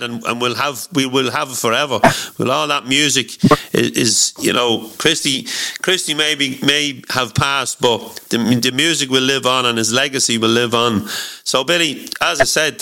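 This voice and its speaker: Male host, bright forceful voice, earnest manner with emphatic repetition, casual interview. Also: mid-range voice, gravelly. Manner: earnest, repeats words for emphasis. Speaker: podcast host.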